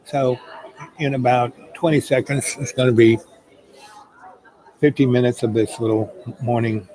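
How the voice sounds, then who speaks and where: A man's voice: medium pitch, steady tone, a little slow, warm tone, poor audio. A man hosting a live chat who tells a rambling personal story in a loose, chatty way full of fillers.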